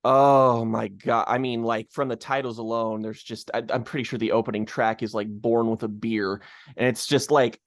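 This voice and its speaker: A man's voice: medium pitch, steady tone, normal speed, no room sound. A man from Kentucky co-hosting a music podcast, ranting in casual chat, swearing freely and stumbling over restarts. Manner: ranting, profane, full of restarts and stammers. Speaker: podcast co-host.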